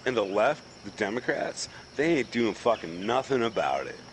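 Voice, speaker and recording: A man's voice: lowish voice, very animated, moderate pace, a little hiss or hum, low-quality recording. A man from the US East Coast in a casual chat while gaming, ranting heatedly and swearing constantly.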